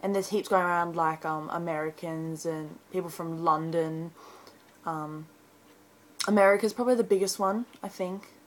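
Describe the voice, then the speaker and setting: A teenage girl from Brisbane speaks with a broad Australian accent, her voice pitched a little on the low side. She chats casually to her webcam, rambling and filling pauses with ums as she works through a word list. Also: fairly even intonation, low-quality recording. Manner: chatty, rambling, frequent ums. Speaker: vlogger. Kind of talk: casual accent-tag video.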